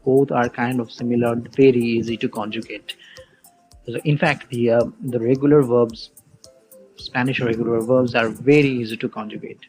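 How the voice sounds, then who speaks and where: A man teaching a Spanish verb lesson online, explaining slowly and patiently, with soft music behind. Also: mid-range voice, poor audio. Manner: slow, patient explaining with spelled-out letters.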